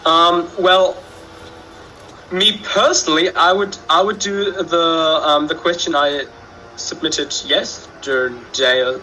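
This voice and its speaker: A man's voice: a little high, fairly even intonation, slow, sharp tone, soft background music, poor audio. A man in a casual trivia chat, talking hesitantly with many fillers and restarts.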